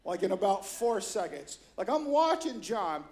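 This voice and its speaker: A middle-aged man preaching a storytelling sermon in a church, animated and acting out quotes with sudden loud high bursts. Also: unhurried, gravelly, a little hiss or hum. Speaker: pastor.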